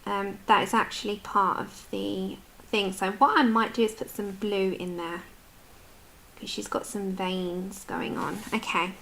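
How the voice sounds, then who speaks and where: A woman's voice: medium pitch, steady tone, a little slow, creaky, a bit bright, slight background noise. A British woman in her adult years chatting casually with viewers while colouring on a livestream, answering their comments as she goes. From United Kingdom.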